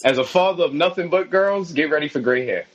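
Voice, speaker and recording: A man's voice: a little high, a little fast, dull audio, a little hiss or hum. A man from New York City who jokes and laughs often while co-hosting a casual podcast. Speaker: podcast co-host.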